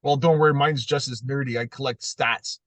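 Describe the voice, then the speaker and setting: A man's voice: mid-range voice, fairly even intonation, fairly quick, a bit bright, no echo. A man interviewing a guest in casual podcast chat, full of crude jokes. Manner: crude joking banter.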